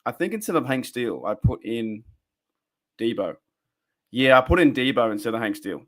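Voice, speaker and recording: A man with an Australian accent hosting a casual fan live stream, rambling excitably and answering his chat viewers. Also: mid-range voice, moderate pace. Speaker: fan podcast host. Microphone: desk microphone for a live stream.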